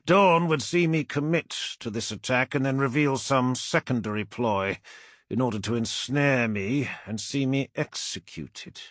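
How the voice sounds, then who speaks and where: A man voicing a towering armored warlord in an audiobook, speaking in a slow, husky, scornful rumble. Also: a bit bright, dry recording, clean studio sound, lightly acted. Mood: menacing. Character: towering armored male warlord, menacing and proud.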